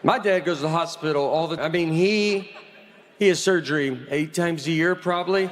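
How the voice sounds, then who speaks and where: A comedian telling stand-up stories in a slow, deadpan drawl. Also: male voice, a little high. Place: live venue with audience. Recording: live audience noise.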